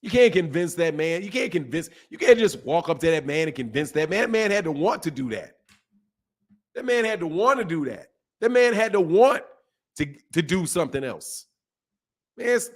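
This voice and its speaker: Blunt, animated man ranting about boxing. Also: on the high side, normal speed. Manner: blunt, animated, repeats himself for emphasis. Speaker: boxing channel host. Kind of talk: casual livestream commentary.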